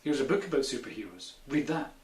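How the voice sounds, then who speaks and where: A man's voice: medium pitch, very animated, fast talker, close to an everyday voice. A man voicing a kindly, encouraging woman school librarian, recorded in an echoey room. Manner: friendly, gently coaxing.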